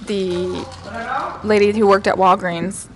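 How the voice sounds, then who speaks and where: A woman with a northern US accent talks as a guest, chatty and self-deprecating with laughter close to the surface. Her pitch is middling for a woman. A crowd murmurs in the room behind her. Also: level tone, slow pace. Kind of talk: casual chat. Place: restaurant.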